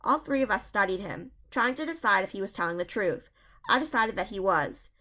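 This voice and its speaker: A woman reads a spooky children's book aloud, chapter by chapter. Her delivery is dramatic and suspenseful, and her voice sits at a middle pitch. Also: expressive, fairly quick, pushed and bright. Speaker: reader.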